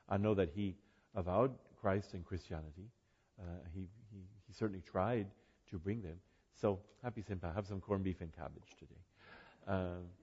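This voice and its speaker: A man's voice: low voice, dark tone, slightly rough, dull audio. An older man giving an informal talk to a group, rambling with asides and self-corrections. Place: room with an audience.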